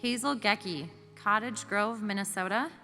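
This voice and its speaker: A woman emceeing a formal ceremony, reading out names and hometowns slowly and evenly. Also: medium pitch, sharp tone. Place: large auditorium. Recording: reverberant hall with faint music.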